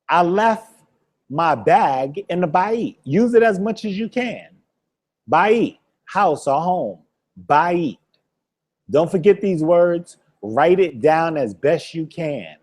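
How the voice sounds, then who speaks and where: Animated, unhurried male language teacher. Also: on the high side. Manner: playful, quizzes the student and laughs often; repeats words slowly for drilling. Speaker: Hebrew teacher. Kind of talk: classroom lesson.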